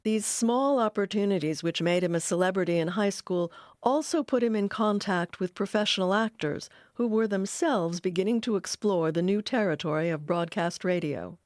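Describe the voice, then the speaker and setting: A woman giving measured, scripted narration for a documentary. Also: medium pitch, darkish tone, no room sound, studio quality.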